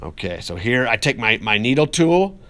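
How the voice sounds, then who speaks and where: A man's voice: mid-range voice, sing-song, moderate pace, sharp tone. A man teaching a pottery lesson, talking casually and cheerfully while he works the clay and encourages his students. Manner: upbeat and encouraging, talks while working with hands. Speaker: art teacher. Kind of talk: casual classroom demonstration.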